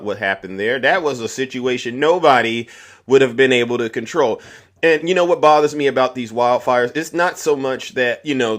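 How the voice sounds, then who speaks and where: A man's voice: medium pitch, a bit bright. A man hosting a live political commentary stream, ranting in a heated, preachy way and talking straight to his viewers.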